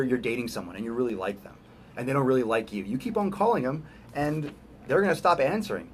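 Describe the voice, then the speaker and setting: A man's voice: mid-range voice, expressive, slight background noise. Emphatic man giving fitness advice. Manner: emphatic, repeats phrases, acts out quick voices. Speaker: fitness coach. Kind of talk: casual fitness advice talk.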